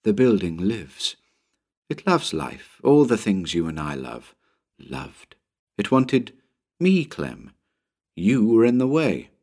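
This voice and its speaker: A man's voice: fairly low pitch, big pitch swings, slow pace, long pauses, darkish tone, full character voice. A man voicing Anne, a ghostly young woman who pleads tearfully with her lover from within a haunted building in a read-aloud story. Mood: pleading.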